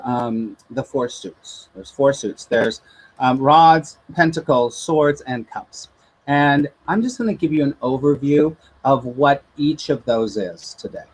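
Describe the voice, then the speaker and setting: A man teaching tarot in a chatty, animated way, often checking in with his listeners. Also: medium pitch, husky, low-quality recording. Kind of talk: informal teaching talk.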